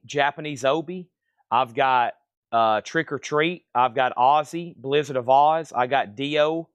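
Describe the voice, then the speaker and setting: A man's voice: medium pitch, no echo. Casual man reading record prices. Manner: brisk list-reading of items and prices, casual. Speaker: live sale host. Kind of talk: livestream sales pitch.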